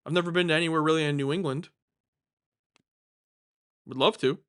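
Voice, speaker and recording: A young man hosts a live question-and-answer stream from home, rambling and joking as he answers viewers. His voice is smooth and clear and sits a little high for a man. He often restarts and corrects himself as he talks. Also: steady tone, a little fast, a bit bright. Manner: rambling, self-correcting, jokey. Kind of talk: casual live Q&A chat.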